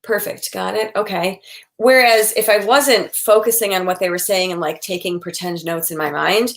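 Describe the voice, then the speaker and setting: A woman's voice: on the low side, moderate pace. A woman in her forties, a psychotherapist giving casual advice and acting out quoted lines of dialogue. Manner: chatty, acts out quoted dialogue. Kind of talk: casual expert advice talk.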